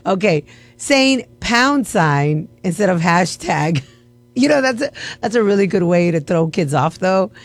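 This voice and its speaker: A woman hosting a radio segment, chatting in a playful, mock-offended way. Her pitch swings widely as she talks, and she laughs often. She sounds like a radio host bantering on air. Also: animated, a little slow.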